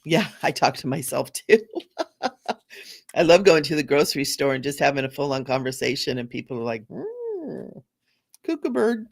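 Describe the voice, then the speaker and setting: A woman's voice: extremely low pitch, fairly even intonation, a little fast, creaky, no echo, studio quality. Bubbly woman hosting a spiritual livestream. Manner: bubbly, laughs often, repeats phrases warmly. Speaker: spiritual talk show host. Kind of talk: casual livestream chat.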